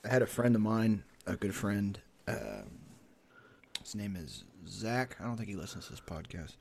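A man's voice: on the low side, very animated, moderate pace, vocal fry. A man co-hosting a podcast, telling a rambling, profanity-heavy story in casual chat. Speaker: podcast co-host.

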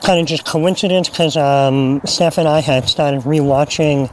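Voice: mid-range voice, steady tone, unhurried, slight background noise, rough recording. Hesitant speaker in a recorded voice message. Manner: hesitant, many ums and uhs. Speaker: listener sending a voice message.

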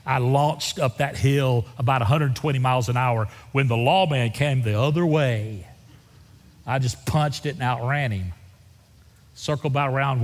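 A middle-aged pastor preaching a sermon, moving from folksy storytelling to fervent exhortation. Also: male voice, mid-range voice. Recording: reverberant church hall.

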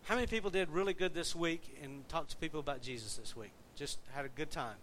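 A man's voice: on the high side, fast, fairly bright tone, slight background noise. A man with a Southern US accent preaching a sermon as pastor, folksy and conversational, putting questions to the congregation. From Southern United States.

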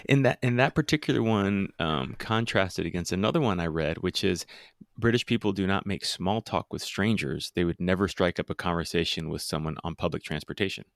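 A man's voice: deep voice, fairly quick, creaky, no room sound, clean studio sound. A man hosting a podcast in casual interview chat, rambling and repeating words as he starts sentences. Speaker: podcast host.

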